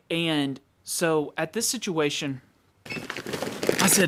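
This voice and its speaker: A man's voice: fairly high pitch, moderate pace, a little hiss or hum. Man casually telling a story. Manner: relaxed, conversational, quoting others in his own voice. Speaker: vlogger telling a work story. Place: store.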